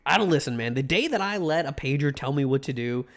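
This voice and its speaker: A man's voice: mid-range voice, expressive, fast talker, slight background noise. A man streaming a video game live, giving casual commentary, joking and swearing as he talks back to the game.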